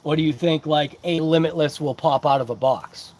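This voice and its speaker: A man's voice: a little high, moderate pace, a little mellow. A man hosting a casual livestream who rambles along and greets chat viewers by name. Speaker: host of a hobby livestream. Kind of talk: casual live-chat unboxing.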